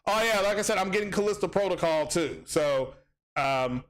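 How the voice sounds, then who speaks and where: A man's voice: sits high, animated, normal speed, fairly bright tone. A man hosting a casual gaming livestream, rambling with many ums and restarts as he reads chat aloud.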